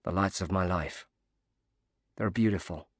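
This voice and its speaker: A man voicing a grateful, quietly emotional widowed father who speaks softly and hesitantly in an audiobook reading. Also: low voice, unhurried, dry recording, clean studio sound. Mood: tender. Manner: soft-spoken, hesitant.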